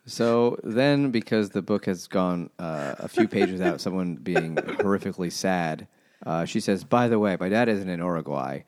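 A man's voice: sits low, animated, moderate pace, a little mellow, dry recording. A man co-hosting a casual book-club podcast, summing up the plot with dry sarcasm. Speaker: podcast co-host.

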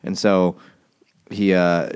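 Male podcast co-host, lowish voice, crude comic recapper who slips into character voices. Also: flat delivery, darkish tone, smooth. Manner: crude, joking, acts out characters in quick voices. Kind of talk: casual comedic book discussion.

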